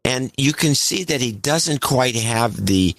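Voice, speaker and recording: A man's voice: medium pitch, animated, unhurried, a bit bright, no room sound. A man co-hosting a podcast in casual chat, giving wry, mocking commentary. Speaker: podcast co-host.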